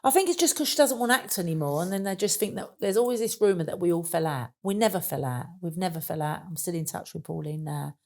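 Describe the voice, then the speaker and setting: A fairly low, slightly mellow voice with lively intonation comes from a Cockney woman in her sixties, talking fast with few pauses. As an interview guest she tells stories chattily, using fillers like "and that."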